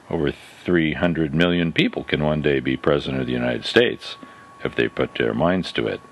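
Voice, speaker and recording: A man hosting a podcast, reading a scripted, reflective story in a measured, gently skeptical way. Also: very deep voice. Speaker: podcast host.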